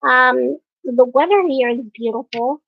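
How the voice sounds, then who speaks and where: A young woman vlogging casually to camera, hesitant and pausing often with fillers. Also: sits high, gravelly, no echo. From United States. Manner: hesitant, many fillers and pauses. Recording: dry, dull lo-fi sound.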